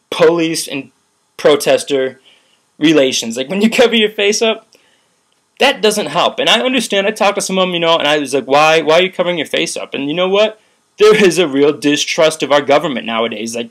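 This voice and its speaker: Young male vlogger, heated profane rant, rambling "like"s, slightly high voice. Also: fairly bright tone. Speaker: vlogger recounting a protest. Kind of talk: ranting video commentary.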